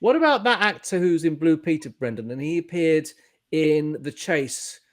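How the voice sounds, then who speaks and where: Man, podcast guest, slightly high voice, eager, short interjections. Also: animated, normal speed. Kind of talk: casual podcast discussion.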